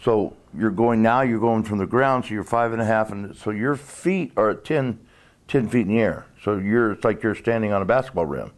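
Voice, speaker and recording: Man, low voice, halting storyteller guest recalling ring days; chatty, restart-heavy delivery. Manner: rambling, halting, many restarts. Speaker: interview guest, former wrestler. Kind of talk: casual storytelling interview.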